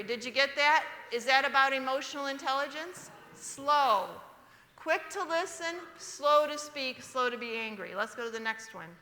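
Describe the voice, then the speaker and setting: Bright-voiced woman preaching in a reverberant church. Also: sits high, expressive. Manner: storytelling, calls for congregation response, reads verses aloud slowly. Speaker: speaker at a church service. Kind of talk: sermon with a personal story. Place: church sanctuary. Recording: echoey church hall livestream.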